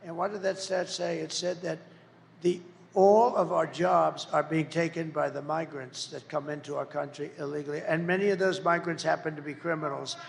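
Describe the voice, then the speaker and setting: A man's voice: on the high side, fairly even intonation, moderate pace, creaky. A man giving a boastful, rambling campaign rally speech, mocking his opponents as he goes. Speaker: political candidate. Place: large rally venue. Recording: echoey hall, faint background noise.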